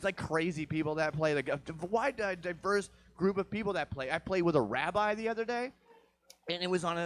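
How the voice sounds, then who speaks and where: A man's voice: fairly high pitch, a bit bright. Man doing stand-up, raised voice, crude and profane, rambling. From Vancouver area, Canada. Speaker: stand-up comedian. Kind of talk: stand-up set. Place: comedy show stage.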